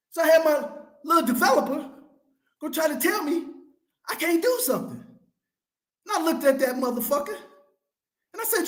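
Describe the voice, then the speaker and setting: A man's voice: very high-pitched, a bit bright, reverberant. A male financial coach hosting his show, delivering a fiery, profane motivational rant with a preacher-like cadence. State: fired up.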